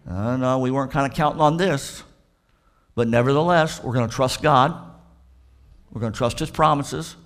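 Southern preacher acting out a Bible story. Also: male voice, medium pitch, moderate pace, long pauses. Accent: Southern American. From Florida. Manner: animated storytelling preacher, acts out the characters' dialogue. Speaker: pastor. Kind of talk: sermon.

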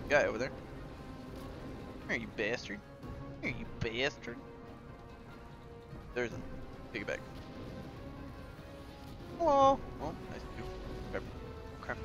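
A man streaming a game and commenting live, excitable and profane, playfully taunting enemies and talking to his chat. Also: medium pitch, takes it slowly, long pauses, over music.

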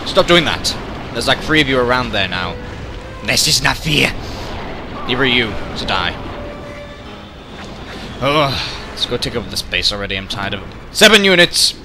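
A young man giving rambling, excitable gameplay commentary, often yelling in frustration. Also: medium pitch, moderate pace, long pauses, noisy background. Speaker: let's play gamer. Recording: commentary over loud game music. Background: game music.

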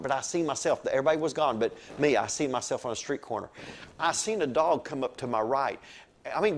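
A male pastor preaching a lively sermon, telling stories and swinging between soft asides and loud exclamations. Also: a little high.

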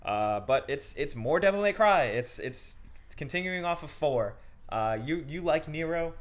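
A man's voice: fairly high pitch, animated. Casual man chatting about games. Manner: quick, casual, swears freely. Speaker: gaming show host. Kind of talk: casual panel chat.

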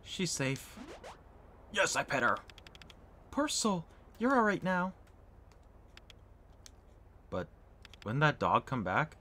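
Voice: mid-range voice, wildly swooping pitch, slow, long pauses, bright, forceful tone, a little hiss or hum. A gaming streamer giving playful, chatty commentary while playing a game and reading dialogue aloud. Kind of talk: let's play commentary.

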